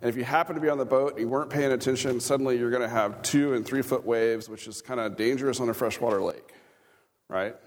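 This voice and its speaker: A man's voice: medium pitch, steady tone, quick pace. A man, a pastor preaching a conversational sermon with chuckling asides and questions to the congregation. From Kansas. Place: church sanctuary. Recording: reverberant church hall.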